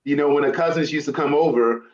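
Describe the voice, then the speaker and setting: A man's voice: a little high, fast. A man from Brooklyn, a guest on a talk show, reminiscing casually about family meals. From Brooklyn, New York. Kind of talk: casual chat. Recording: dull lo-fi sound.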